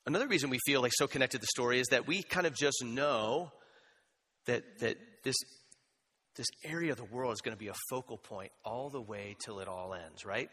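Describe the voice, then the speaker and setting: A man preaching a sermon as pastor, conversational and animated, with asides and humor. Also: medium pitch, a little fast, breathy edge. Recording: long hall reverb.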